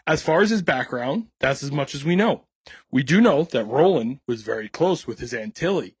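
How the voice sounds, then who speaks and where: Irreverent, lively man telling a story. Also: mid-range voice, moderate pace, breathy edge, no echo. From United States. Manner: irreverent, swears a lot, laughs at his own jokes. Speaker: podcast host telling the story. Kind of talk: casual comedic storytelling podcast.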